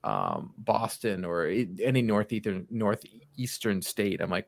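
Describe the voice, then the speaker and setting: A man's voice: on the low side, measured pace, gravelly, no room sound, clean studio sound. Chatty man with a slight Canadian accent. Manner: rambling, animated storyteller. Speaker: podcast co-host. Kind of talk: casual chat.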